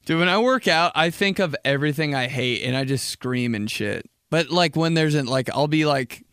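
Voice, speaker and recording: A man's voice: moderate pace, smooth, dry recording, studio quality. Rambling young man on a podcast. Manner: rambling, animated, heavy "like" filler, slips into jokey high put-on voices. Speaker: podcast host. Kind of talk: casual solo podcast chat.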